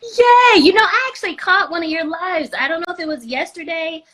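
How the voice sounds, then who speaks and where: A woman hosting a casual live video chat, bubbly and excitable, laughing often. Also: extremely high pitch, fairly quick. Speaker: host.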